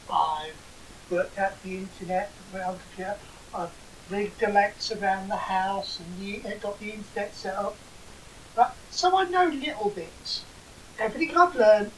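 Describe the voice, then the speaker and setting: An English woman, probably in her forties, co-hosting a podcast and telling stories in a dry, sarcastic way. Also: mid-range voice. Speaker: podcast co-host. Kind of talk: casual banter. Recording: distant mic with faint hiss.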